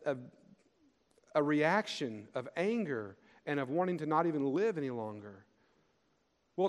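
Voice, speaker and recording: A man preaching a sermon in an earnest way, rising for emphasis and slowing on key phrases. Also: fairly high pitch. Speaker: pastor. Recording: long hall reverb.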